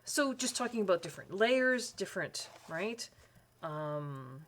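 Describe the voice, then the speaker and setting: A woman's voice: mid-range voice, big pitch swings, a little slow, fairly bright tone. A woman hosting a colouring channel, chatting as she flips through a book, rambling and correcting herself with lots of fillers. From Canada.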